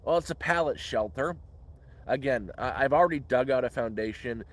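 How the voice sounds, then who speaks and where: A man's voice: mid-range voice, moderate pace. Rambling man streaming from the woods. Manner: rambling, repeats words and restarts often. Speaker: livestream host. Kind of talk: casual live Q&A chat. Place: outdoors in the woods.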